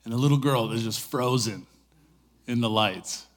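A man's voice: medium pitch, moderate pace. A middle-aged man giving a sermon in a conversational, storytelling way, full of asides. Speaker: pastor.

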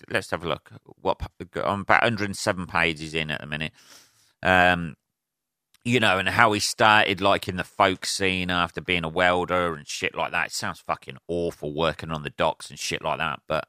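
A man's voice: deep voice, sharp tone, clean tone, no echo, studio quality. A man hosting a casual solo podcast, rambling and swearing freely, full of fillers. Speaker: podcast host.

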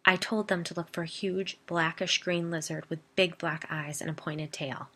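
A woman's voice: lowish voice, steady tone, moderate pace, bright, forceful tone. A woman reading the part of a wife earnestly recounting a frightening event in a spoken story.

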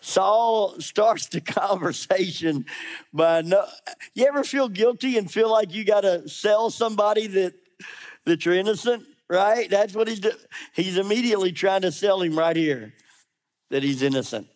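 A pastor with a high voice preaches at a moderate pace, keeping his sermon conversational. He challenges his listeners directly and throws in sarcastic asides.

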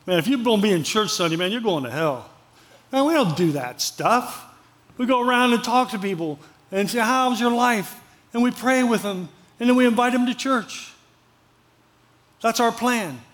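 A pastor with a high voice delivers a sermon. He talks in a conversational, storytelling way and drives home points by repeating phrases. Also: fairly bright tone.

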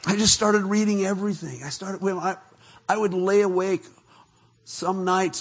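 A middle-aged man preaching a testimony sermon, telling his story with animated laughter, turning soft and hushed when he reflects. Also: high voice, moderate pace, slightly rough.

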